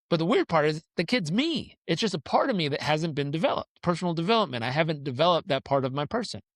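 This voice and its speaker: A man tells his story as a podcast guest, his voice sitting a little high. He is animated and acts out the people in his stories. The sound is dry and close, with no room around it. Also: no echo.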